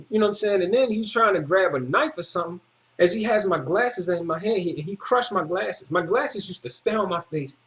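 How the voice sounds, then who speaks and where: A man telling a personal testimony in casual, slang-heavy speech, repeating phrases for emphasis. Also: sits high. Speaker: video testimony speaker.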